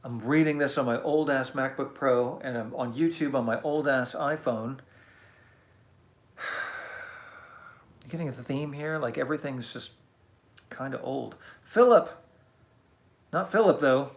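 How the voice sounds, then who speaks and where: A man's voice: medium pitch, moderate pace. A man hosting a casual live stream, chatty and self-deprecating as he reads out comments. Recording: echoey room.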